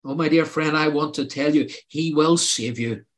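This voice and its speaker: A man's voice: a little high, normal speed. Earnest older male preacher. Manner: earnest, pleading, rising to emphatic outbursts. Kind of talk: sermon with personal testimony.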